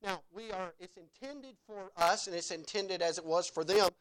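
A man preaching a sermon, dramatic, with wide swings between loud and hushed and acted-out quotes. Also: high voice, normal speed, smooth.

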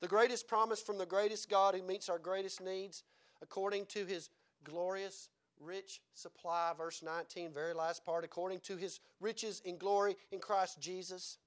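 A male preacher giving a sermon, his pitch and loudness rising and falling widely as he preaches. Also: moderate pace. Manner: animated preaching, pitch and volume swinging widely.

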